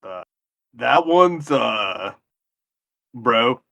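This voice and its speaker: A laid-back man playing in a tabletop game, slangy and unhurried. He speaks very slowly with a bright tone. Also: medium pitch, sing-song, vocal fry. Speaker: player. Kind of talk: casual game talk.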